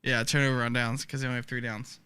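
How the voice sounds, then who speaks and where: A man's voice: medium pitch, flat delivery, very fast, sharp tone, clean tone. A man from the US Midwest co-hosting a podcast, chatty and wry. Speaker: podcast co-host. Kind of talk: casual chat.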